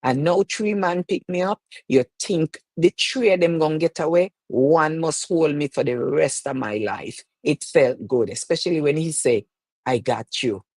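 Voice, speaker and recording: A woman's voice: sits low, normal speed, few pauses, a little mellow, no echo. A middle-aged woman with a Jamaican accent hosting a live-streamed chat show, telling stories in a playful, teasing way and slipping between patois and standard speech. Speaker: show host.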